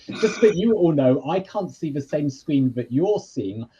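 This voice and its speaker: A man's voice: on the high side, expressive, moderate pace, mellow, husky, lo-fi sound. A man with a British accent, a university lecturer explaining his topic in a conversational way during a live online session.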